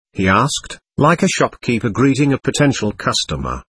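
A man reading a first-person memoir aloud in an earnest, measured way. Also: medium pitch, sing-song, a bit bright, husky, no echo. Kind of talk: scripted first-person narration.

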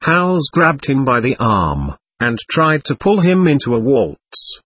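A man's voice: mid-range voice, very animated, unhurried, a bit bright, slightly rough. A man narrating an audiobook in the first person, reading with expression.

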